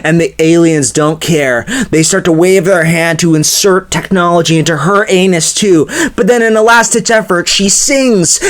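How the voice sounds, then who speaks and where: A man's voice: very high-pitched, fairly bright tone. A man telling an improvised comedy story, rambling and stammering, with constant filler words.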